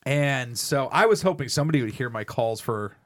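Man, podcast co-host, casual chat, animated, profane. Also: medium pitch, a little fast. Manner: animated storyteller, swears freely.

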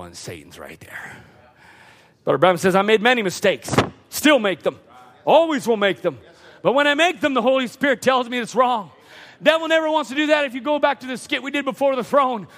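A man preaching a sermon from the pulpit, building to impassioned shouts. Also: very high-pitched. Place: church sanctuary. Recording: church hall reverb.

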